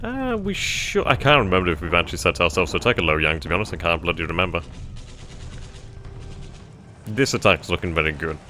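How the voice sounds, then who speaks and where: A man thinking aloud as he plays a strategy game, trailing off mid-sentence and bursting into giddy excitement at good news. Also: low voice, brisk, long pauses, faint music behind. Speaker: let's play gamer.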